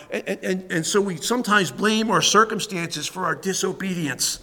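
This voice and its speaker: Man pastor, high voice, emphatic repetitive sermon delivery, long hall reverb. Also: moderate pace, sharp tone. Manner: emphatic, repetitive preaching with fillers.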